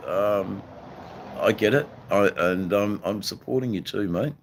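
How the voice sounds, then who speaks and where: Deep-voiced Australian man chatting on a livestream. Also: slight background noise. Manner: halting, many ums and repeats. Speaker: livestream host reading chat. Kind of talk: casual live-stream chat.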